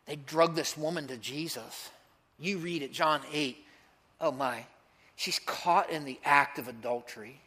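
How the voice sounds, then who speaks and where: High, bright-voiced preaching man. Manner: emphatic preaching, swinging between loud cries and hushed intensity. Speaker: pastor. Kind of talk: sermon.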